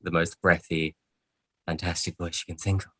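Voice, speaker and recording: A man's voice: low-pitched, little pitch movement, normal speed, fairly bright tone, no echo. A man chatting casually on a podcast, playful and theatrical. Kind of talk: casual chat.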